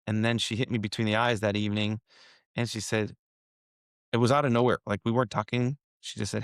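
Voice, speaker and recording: A man's voice: lowish voice, little pitch movement, quick pace, creaky, no echo, studio quality. A man guest on a podcast, telling a personal story in an earnest, emotional way and then coaching his listener directly. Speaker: podcast guest, wealth manager. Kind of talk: casual conversational storytelling.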